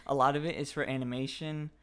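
A man's voice: medium pitch, fairly bright tone. An eighteen-year-old man chatting casually, hesitant and mumbly with lots of fillers. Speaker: guest, aspiring voice actor. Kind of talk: casual chat.

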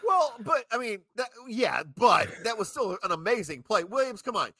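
A man co-hosting a sports podcast, pushing back in lively banter. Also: high voice, moderate pace, no echo. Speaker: podcast co-host.

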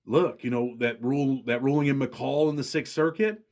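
A blunt, outspoken man hosts a casual podcast conversation. His voice sits in a middle pitch. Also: moderate pace, darkish tone. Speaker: podcast host. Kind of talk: casual chat.

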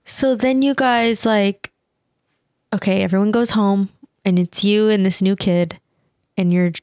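A woman's voice: mid-range voice, fairly even intonation, measured pace, darkish tone, dry recording, clean studio sound. A woman hosting a casual interview, asking curious follow-up questions. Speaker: interview host.

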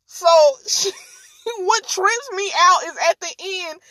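A woman podcast host telling a story in an animated, slangy, casual way and laughing often. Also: very high-pitched, slow, dry recording.

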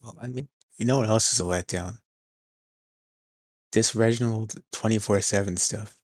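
A young man with a low voice walks through a wrestling recap, dry and deadpan as he keeps the chat on track. His voice sits close and dry, with no room sound. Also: normal speed, breathy edge, no echo. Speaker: podcast co-host.

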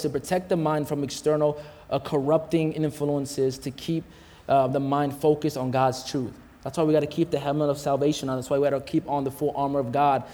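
A man preaches a sermon in a casual, slangy style, calling out to the congregation while hot and sweating. His voice is on the high side with a dark tone, and a long hall reverb surrounds it.

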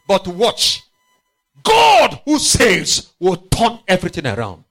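A man preaching a sermon, emphatic and repetitive, swinging from loud outbursts to quiet, low phrases. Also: huge pitch swings, slow pace, creaky. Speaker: pastor.

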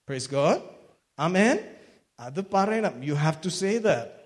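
High-voiced preacher in an echoey hall. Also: male voice, a little slow. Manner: animated, swings between loud exclamations and hushed retelling. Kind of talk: sermon.

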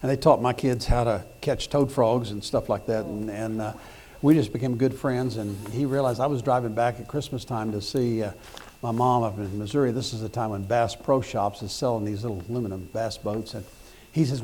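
A middle-aged pastor preaching a sermon, telling folksy stories with repeated words and restarts, then rising to loud emphatic points. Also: male voice, medium pitch, steady tone, a little fast, slight background noise.

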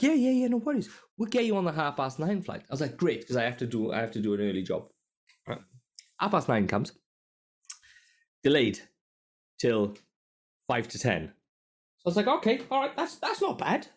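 Animated swearing co-host. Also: male voice, mid-range voice. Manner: animated, swearing, laughing while telling a story. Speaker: podcast co-host. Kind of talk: casual storytelling chat.

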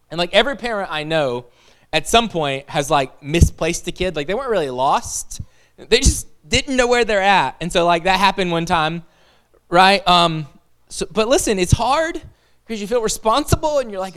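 Male pastor, 30s, smooth and clear tone, casual rambling storyteller, self-mocking. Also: on the high side, a little fast, a bit bright. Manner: chatty, self-deprecating, heavy use of "like" and "listen". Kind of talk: casual sermon with personal story.

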